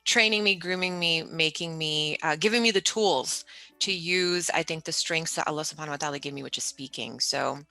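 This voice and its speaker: A middle-aged woman recounts her life in an interview, with a voice that sits low yet sounds bright and forceful. She tells her story with animation and slips into the voices of the people in it. Faint music plays under her talk. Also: brisk, dry recording. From United States. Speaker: interview guest.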